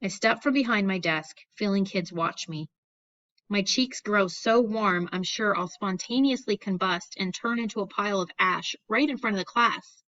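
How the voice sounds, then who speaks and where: A woman's voice: fairly low pitch, a bit bright, lo-fi sound. A woman narrating a first-person audiobook in a wry, anxious storytelling manner. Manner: wry, anxious storytelling of a young boy's thoughts.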